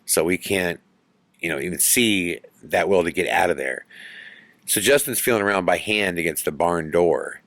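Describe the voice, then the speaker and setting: Low-voiced man telling a ghost story. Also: moderate pace, dry recording. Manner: animated storytelling, building suspense. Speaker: podcast host.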